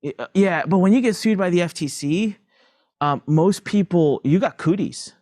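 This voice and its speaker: A man's voice: high-pitched, moderate pace, no room sound, studio quality. Emphatic middle-aged man telling his story. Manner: emphatic, animated, repeats phrases for emphasis. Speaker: podcast guest, entrepreneur. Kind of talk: candid conversational storytelling.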